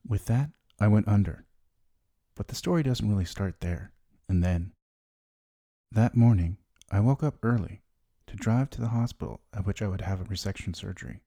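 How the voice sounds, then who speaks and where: Middle-aged man, wry candid storyteller, very deep voice, warm dark tone, dry close mic. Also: normal speed, long pauses, husky, no room sound. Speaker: podcast host. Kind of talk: scripted personal narration.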